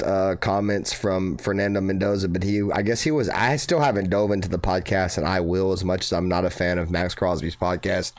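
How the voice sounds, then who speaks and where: A young man hosting a fan channel livestream who reads viewer comments, swears freely and keeps calling listeners bro. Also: low voice. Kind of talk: casual livestream chat reading viewer comments.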